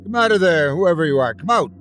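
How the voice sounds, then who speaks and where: A man's voice: mid-range voice, sing-song, moderate pace, music in the background, natural voice. A man playing a blunt, impatient ship captain who gives orders. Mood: commanding. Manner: commanding and impatient.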